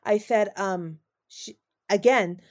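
A woman's voice: medium pitch, slow pace. A woman casually retelling a movie scene by scene, quoting her own reactions with emphasis. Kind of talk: casual chat recapping a movie.

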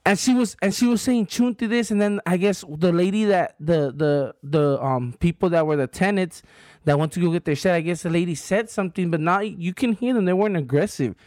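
A man's voice: high voice, brisk, darkish tone, no echo, studio quality. A man from Southern California, co-hosting a podcast in casual chat and telling a story in slangy, profane talk full of fillers. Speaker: podcast co-host.

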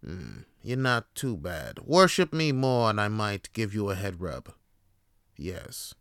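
A man voicing a pampered, haughty cat who speaks to humans in a slow, condescending drawl. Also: lowish voice, big pitch swings, a bit bright, clean tone, no echo, clean studio sound, exaggerated voice.

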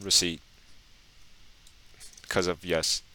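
A man's voice: low voice, level tone, drawn-out words, pushed and bright, no room sound, poor audio. A man chatting casually while playing a game, teasing his friend with crude jokes. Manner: crude, teasing, joking banter. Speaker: gamer co-host. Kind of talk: casual gaming chat.

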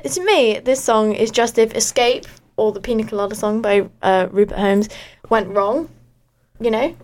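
A woman's voice: on the high side, normal speed. A teenage girl from Australia co-hosting a casual breakfast radio show, playful and self-mocking with frequent giggles.

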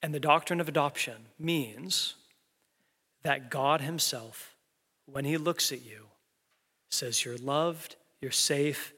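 A man preaching a sermon as pastor, earnest, building to emphatic peaks and then dropping soft and low. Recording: long hall reverb.

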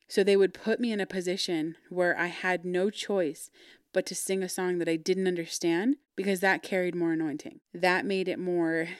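A woman's voice: lowish voice, clear, resonant tone, no echo, clean studio sound. Blunt, sweary woman telling a story. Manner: blunt, swears freely, animated when frustrated. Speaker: podcast guest. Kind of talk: casual storytelling interview.

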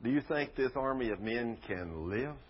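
A man's voice: mid-range voice, expressive, normal speed, lo-fi sound, slight background noise, lightly acted. A man acting out God giving commands to a prophet, in a raised, emphatic voice. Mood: commanding.

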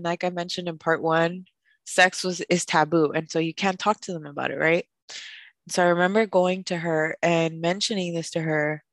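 A woman speaks in a lowish voice, sharing a personal story candidly on a podcast. Her delivery is emotional and open, and she drops phrases into her English. The recording is dry and close, with no room sound. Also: a bit bright, dry recording. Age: late 20s. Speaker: podcast co-host.

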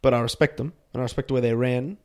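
Young aussie bloke chatting footy, keeps saying bro, gets worked up. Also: male voice, medium pitch, racing. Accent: Australian. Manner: excitable, slangy, calls people bro. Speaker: podcast co-host. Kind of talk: casual sports chat.

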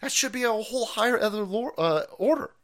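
Profane, animated male streamer ranting. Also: high voice, fast. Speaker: stream host. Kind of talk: livestream rant commentary.

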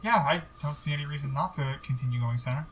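A man's voice: on the high side, fast talker, a crowd in the background. A man playing a tabletop game, talking casually and hesitantly as he thinks aloud. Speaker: player.

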